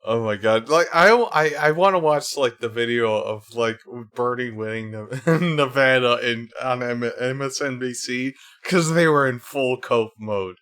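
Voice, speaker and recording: A man's voice: mid-range voice, a little slow, hardly any pauses, a bit bright, smooth. A man hosting a livestream, ranting casually and angrily, swearing often and leaning on "like" fillers. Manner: heated, profane, many fillers. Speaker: livestream host. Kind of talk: casual political rant.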